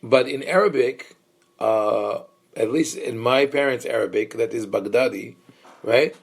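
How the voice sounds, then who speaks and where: In a medium-pitched voice that is gravelly and slightly rough, a male rabbi teaches a Bible study class at a somewhat slow pace. He explains thoughtfully, with lots of fillers and restarts, and poses questions to his listeners.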